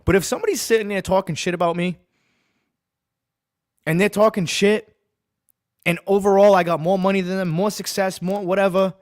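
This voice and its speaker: A man's voice: high voice, steady tone, moderate pace, long pauses, no echo, clean studio sound. Blunt, profane man ranting on a podcast. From Massachusetts. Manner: blunt, profane and emphatic, repeats his points. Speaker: sports podcast host. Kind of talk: ranting sports podcast talk.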